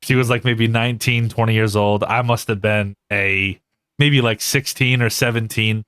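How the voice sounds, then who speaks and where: A man's voice: fairly low pitch, steady tone, normal speed, a bit bright, clean tone, no room sound, clean studio sound. Laid-back slangy podcast co-host, a man. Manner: laid-back, slangy, laughs often, lots of "like". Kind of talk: casual chat.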